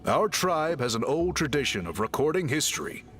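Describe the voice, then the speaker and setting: An actor voicing a giant, gentle male tribal chief in a video game, speaking with a deep, gurgling, solemn delivery. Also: sing-song, moderate pace. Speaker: game character. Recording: game audio with music underneath.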